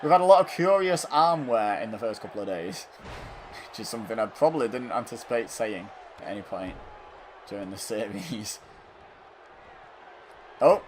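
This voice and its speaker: A man giving casual play-by-play commentary over a wrestling video game, bursting into loud exclamations and then dropping into dry asides. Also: fairly low pitch, expressive, moderate pace, long pauses, a little hiss or hum.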